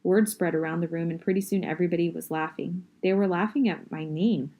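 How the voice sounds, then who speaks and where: Woman reading a novel aloud, mellow. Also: on the low side, fairly quick, lo-fi sound. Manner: steady first-person storytelling. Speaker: reader.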